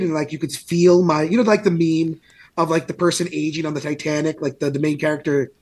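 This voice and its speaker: Husky-voiced man telling animated stories. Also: fairly high pitch, a little fast. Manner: animated storyteller, laughs often. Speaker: podcast co-host. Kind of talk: casual chat.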